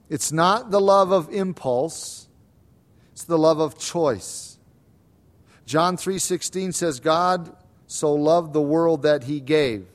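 A man preaches in a high voice, moving between quiet explanation and loud, repeated urging. He is a pastor delivering a sermon and stresses his points by saying them again and again. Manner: emphatic preaching, swings between soft and loud.

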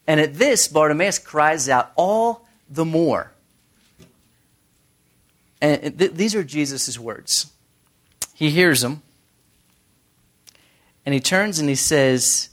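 A man preaching a casual sermon who tells stories and briefly acts out the crowds. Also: fairly high pitch. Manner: conversational, animated storytelling with quick voices for crowds. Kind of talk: casual sermon with acted-out scenes.

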